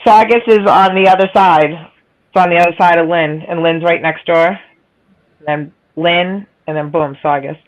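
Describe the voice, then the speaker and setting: A woman's voice: on the low side, fairly even intonation, unhurried, poor audio. Stream host: chatty woman, nasal tone, teases her guests and laughs easily. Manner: chatty, teasing, laughs often. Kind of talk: casual chat.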